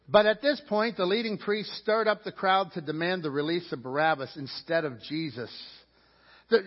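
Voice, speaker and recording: A male pastor preaching a sermon, swinging his pitch and loudness and acting out the voices of a crowd. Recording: dull lo-fi sound with long reverb in a hall.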